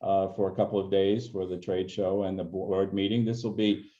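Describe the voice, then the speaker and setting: A man's voice: deep voice, little pitch movement, normal speed, mellow. An older man, a guest in an interview, telling stories in a reflective way. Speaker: guest, senior consultant. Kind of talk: casual interview answers. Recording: dull lo-fi sound.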